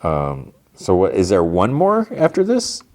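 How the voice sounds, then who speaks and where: A man with a very low voice talks through a TV recap like a podcast host. He is loose and chatty, with lots of fillers. He sounds easily exasperated. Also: wildly swooping pitch, a little slow, a little mellow. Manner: chatty, full of "like" and "you know"; exasperated at the plot. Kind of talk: casual episode recap.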